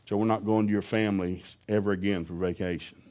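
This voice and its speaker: A man preaching quotes his wife insisting on a real, paid vacation, in a low, flat voice. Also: fast, close to an everyday voice. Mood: insistent.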